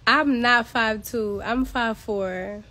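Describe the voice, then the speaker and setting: A woman's voice: on the high side, takes it slowly, pushed and bright. A woman from Queens, ranting bluntly and with exasperation on a casual phone livestream from home. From Queens, New York. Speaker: social media personality.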